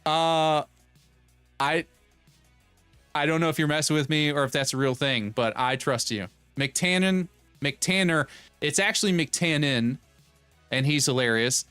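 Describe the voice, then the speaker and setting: A man in his thirties chats on a live stream in a smooth, resonant voice at a mid pitch. He rambles and jokes as he riffs on viewers' messages, recorded dry and close to the mic with faint music behind him. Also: fairly even intonation, moderate pace, long pauses, a bit bright, dry recording. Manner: rambling, joking, reads chat aloud and riffs on it. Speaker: streamer host. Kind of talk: casual live-stream chat.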